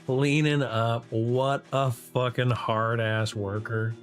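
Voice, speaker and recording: A man gives relaxed, slow, self-talking gameplay commentary, swearing often and joking with himself. His voice sits at an ordinary middle pitch. Faint music plays in the background. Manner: loose, profane, talking to himself. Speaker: gaming streamer and server host.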